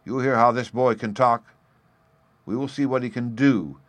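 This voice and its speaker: A man's voice: mid-range voice, fairly even intonation, moderate pace, voice pushed up, natural voice. A man voicing a proud, stern old master smith in a storybook reading.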